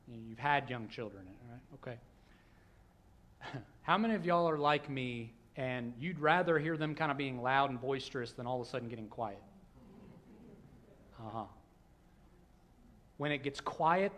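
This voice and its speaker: A male pastor, preaching a sermon in a church with a conversational manner that swings between hushed and loud. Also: medium pitch. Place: church sanctuary.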